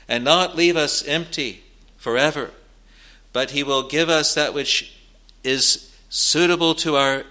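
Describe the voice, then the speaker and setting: A male preacher delivering a sermon at a slow, deliberate pace. His voice is bright and forceful, and he leans into key phrases with rising emphasis. The delivery is earnest, with steady pauses between phrases. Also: mid-range voice.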